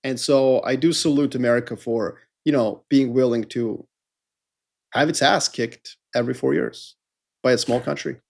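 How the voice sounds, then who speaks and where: A man's voice: medium pitch, normal speed, creaky, darkish tone. A middle-aged man co-hosting a podcast in a casual, rambling, jokey chat. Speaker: podcast co-host.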